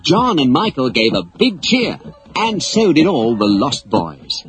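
A man reading a children's story aloud as narrator, in an expressive storybook style. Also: mid-range voice, a little slow, slight background noise, low-quality recording. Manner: animated, expressive read-aloud.

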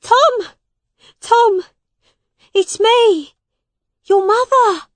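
A woman voicing Mrs Canty, a desperate poor mother shouting and crying out in a storybook reading. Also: very high voice, extremely slow, dry recording, pitched above the performer's own voice, heavily acted. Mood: frantic, crying.

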